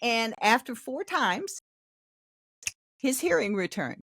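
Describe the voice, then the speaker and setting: An older woman pastor telling a story with a very lively, swooping voice, a touch high for a woman. She plays out the people in her tale as she goes, recorded close and dry with no room sound. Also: slow, no echo. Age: 60s. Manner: animated storyteller acting out quoted voices. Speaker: pastor and podcast guest. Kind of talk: storytelling testimony in casual interview.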